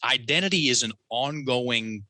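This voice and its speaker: A man telling a personal story as a podcast guest, animated and acting out the quotes in his story. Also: mid-range voice, a little slow, no room sound. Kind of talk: storytelling in a conversational interview.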